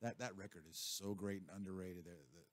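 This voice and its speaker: A man's voice: low voice, a little fast, no echo. A man who is a drummer, guesting on a radio show and chatting casually with enthusiasm. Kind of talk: casual studio chat. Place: radio studio.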